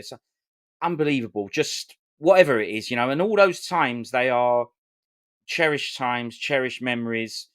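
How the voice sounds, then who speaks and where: A man from London hosting a casual podcast chat, talking in an emphatic, repetitive, animated way. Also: medium pitch, normal speed, dry recording, clean studio sound. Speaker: podcast host.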